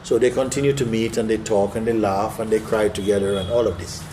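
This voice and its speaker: A man who is a spiritual teacher telling a parable during a talk, vivid and animated, acting out the scenes as he goes. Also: fairly low pitch, brisk, background noise.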